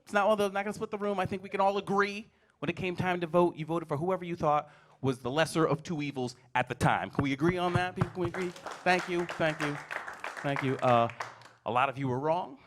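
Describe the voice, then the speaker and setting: A man's voice: a little high, quick pace. A male headlining comedian doing a stand-up set on a club stage, wry and teasing the crowd.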